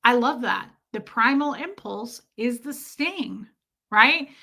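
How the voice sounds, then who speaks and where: A woman with a bright, clear voice pitched a touch high talks casually on a live stream, reading and answering viewer comments. She is chatty and reflective, drawing out the phrases she wants to stress. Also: lively intonation, takes it slowly. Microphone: streaming mic.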